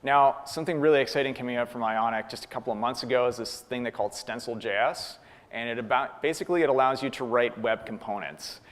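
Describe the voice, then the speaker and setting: A man's voice: mid-range voice, quick pace. A man from Canada speaking at a tech conference, casually answering audience questions with frequent ums and uhs. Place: conference hall. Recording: long hall reverb.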